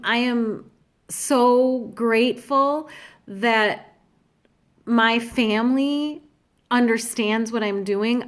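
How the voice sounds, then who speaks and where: Middle-aged woman, heartfelt confessional vlogger, earnest and halting. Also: on the high side. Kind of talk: candid personal vlog.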